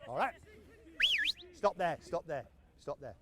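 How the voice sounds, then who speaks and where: A man running an on-pitch football coaching session outdoors, calling out brisk, encouraging commands to his players. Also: lively intonation, heavy background noise.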